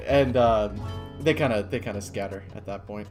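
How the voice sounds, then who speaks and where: A man's voice: lowish voice, normal speed, over music. A man running a tabletop game as game master, chatty and loose, often laughing.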